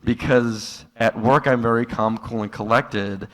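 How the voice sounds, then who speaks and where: A man doing a stand-up comedy set in a live room, telling stories in a dry tone that jumps into loud, exasperated outbursts. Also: medium pitch, steady tone, unhurried. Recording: live room with long hall reverb.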